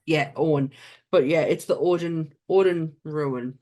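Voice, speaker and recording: A woman co-hosting a podcast in casual chat, excitable and swearing freely. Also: deep voice, takes it slowly. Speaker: podcast co-host.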